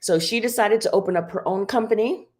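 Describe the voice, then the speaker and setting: A woman's voice: mid-range voice, fairly quick, a little mellow. A middle-aged woman, a homeschooling mother, telling a personal story in casual live-stream chat with many fillers. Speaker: guest.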